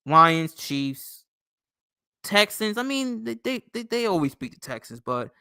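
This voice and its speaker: A man's voice: high-pitched, very animated, a little slow, bright, forceful tone, clear, resonant tone, no room sound, clean studio sound. A young man hosting his own sports channel, ranting casually with lots of swearing, often tagging "bro" and "okay". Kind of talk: casual profane sports rant.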